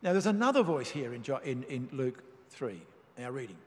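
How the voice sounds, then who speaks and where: A man preaching a sermon, reading and explaining scripture in a measured, emphatic way. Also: medium pitch, very animated, a little mellow. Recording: long reverb of a large hall.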